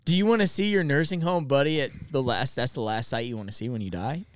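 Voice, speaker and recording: A young man, podcast co-host, chatting casually, quick to laugh and react. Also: medium pitch, smooth, dry recording, clean studio sound. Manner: laughs often, reacts loudly. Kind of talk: casual chat.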